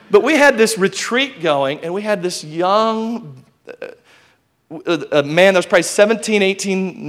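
High-voiced man preaching a lively sermon. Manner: lively preaching with call-and-response, sometimes shouting. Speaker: youth pastor.

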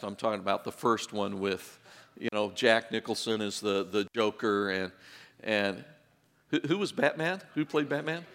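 A man preaching a sermon in a relaxed, conversational way, with joking asides and repeated words. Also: mid-range voice. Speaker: pastor. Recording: long reverb in a large hall.

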